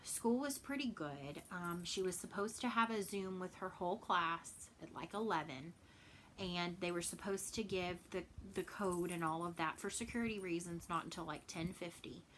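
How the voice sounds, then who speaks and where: A woman's voice: fairly low pitch, normal speed, fairly bright tone, slight background noise, poor audio. A woman from Texas in a casual home vlog, chatting and rambling with many fillers and repeated words. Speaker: cross stitch vlogger. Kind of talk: casual chat.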